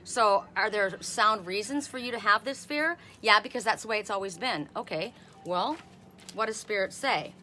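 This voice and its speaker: A woman's voice: mid-range voice, normal speed, bright, forceful tone, a little hiss or hum. A woman in her fifties giving a chatty live-stream oracle card reading, talking to viewers by name and laughing often. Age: 50s.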